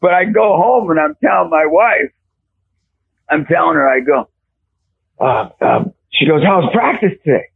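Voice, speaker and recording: A man's voice: on the high side, unhurried, vocal fry, long pauses, a bit bright, husky, no room sound, rough recording. A middle-aged man, a preacher and youth basketball coach, telling a story in a faith conversation and acting out the voices in it with big jumps.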